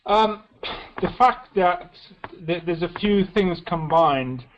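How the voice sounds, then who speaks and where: A man from South Wales answers questions slowly, hesitating as he searches for words. His slightly higher voice comes through a dull, lo-fi call line. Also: expressive, a little hiss or hum. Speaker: guest. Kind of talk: interview on a call.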